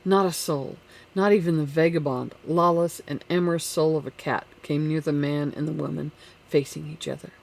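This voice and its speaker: Audiobook narrator, measured classic-novel storytelling, mid pitch. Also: steady tone, gravelly.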